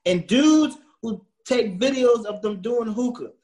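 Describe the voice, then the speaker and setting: A man's voice: very high voice, animated, unhurried, darkish tone, roomy sound. A man as a podcast guest, ranting about pet peeves with lots of swearing. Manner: ranting and swearing, with repeated filler words. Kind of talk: casual chat.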